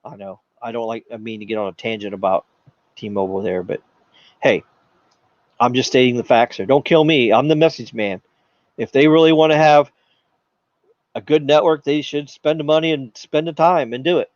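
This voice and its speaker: A man hosting a live tech Q&A stream, talking in an animated, jokey way and slipping into silly voices. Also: mid-range voice, moderate pace, no room sound, dull audio. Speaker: tech channel host.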